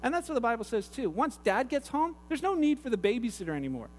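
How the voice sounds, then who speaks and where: A man's voice: extremely high pitch, big pitch swings, fast talker. A man preaching a sermon, pastor's chatty storytelling with asides. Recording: echoey hall with long reverb.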